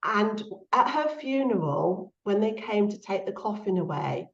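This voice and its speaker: A woman's voice: mid-range voice, lively intonation, measured pace, vocal fry. A middle-aged woman speaking casually and heartfelt as a guest, her voice rising when she quotes others. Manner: soft-spoken and heartfelt, lifts her voice when quoting. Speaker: guest author. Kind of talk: casual conversational interview. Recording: echoey, slightly dull sound.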